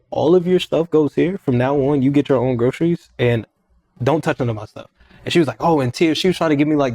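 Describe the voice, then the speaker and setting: A young man, a podcast guest, retelling a personal story in a casual, animated way, often quoting what was said and repeating himself. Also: medium pitch, dry recording.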